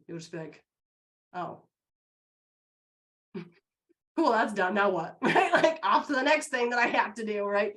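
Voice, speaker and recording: A woman co-hosting a live business show, giving an upbeat, encouraging motivational talk to an online audience. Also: a bit bright. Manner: upbeat and encouraging, bursts high acting out quotes.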